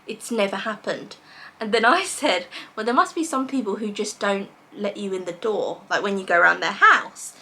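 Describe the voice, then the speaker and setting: A young woman from England with a British accent, telling a personal story to camera in a lively way and acting out what others said. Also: mid-range voice, normal speed, few pauses. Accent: British English. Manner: animated, quotes others in dialogue. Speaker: vlogger.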